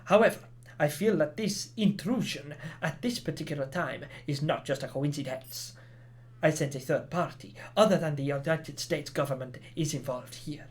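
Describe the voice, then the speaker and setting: A gamer voicing a villainous village chief with an attempted Spanish accent, reading out orders in a hammy, low, muttering manner. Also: moderate pace, lightly acted. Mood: menacing.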